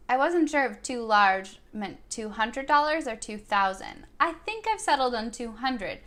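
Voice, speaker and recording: A young woman vlogger telling a personal story in an earnest, thoughtful way. Her voice sits a little high and sounds bright and clear. She quotes her own words as she goes. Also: sing-song, measured pace, few pauses. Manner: earnest and thoughtful, quoting herself in dialogue. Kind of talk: reflective first-person storytelling.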